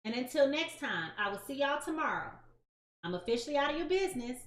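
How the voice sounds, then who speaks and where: A high-pitched woman chats directly with her audience, animated and sassy, leaning hard on her words. The sound has a roomy echo around it. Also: fast. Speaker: tarot reader. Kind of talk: casual direct-to-camera chat.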